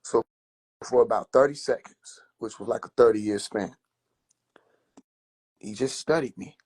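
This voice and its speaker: A man telling a comedic story on a phone livestream in an animated, drawn-out way. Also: medium pitch, breathy edge. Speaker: livestream host.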